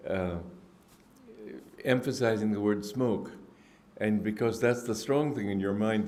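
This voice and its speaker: A man's voice: on the low side, a little mellow. Reflective man giving a spiritual discourse. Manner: reflective, unhurried storytelling with frequent restarts; clears throat often. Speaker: spiritual teacher. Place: indoor gathering hall.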